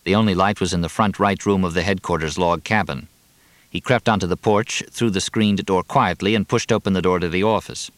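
Measured low-voiced male narrator. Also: steady tone, no echo. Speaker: audiobook narrator. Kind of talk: scripted narration.

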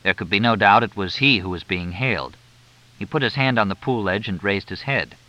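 A man narrating an audiobook in a lively, expressive reading. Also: lowish voice, a little fast. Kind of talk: scripted narration. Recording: dull lo-fi dry recording.

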